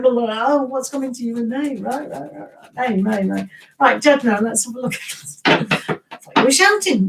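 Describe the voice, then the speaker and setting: A woman's voice: high-pitched, expressive, moderate pace, vocal fry, recorded from a distance, slight background noise, poor audio. An English woman giving a casual, rambling tarot reading on a live stream. She greets viewers, laughs often and restarts her sentences.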